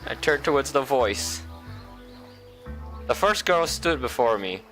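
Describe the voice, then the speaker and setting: A man's voice: mid-range voice, lively intonation, slow, long pauses, a bit bright, faint music behind. A young man casually playing through and reading a visual novel, with chatty, self-deprecating asides. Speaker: gaming YouTuber. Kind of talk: let's play, reading a visual novel aloud.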